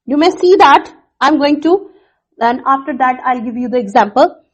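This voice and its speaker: A woman teacher explaining phonics to students in a recorded lesson, repeating points slowly with fillers. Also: sits high, animated, rough recording. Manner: slow, repetitive explaining with fillers.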